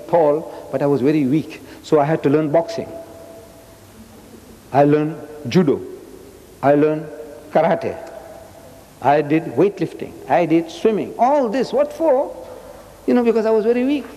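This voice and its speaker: A man in his seventies giving a public lecture in a loud, roaring, emphatic voice, repeating his points. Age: 70s. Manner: emphatic, repeats phrases, swings high and low. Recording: long reverb of a lecture hall.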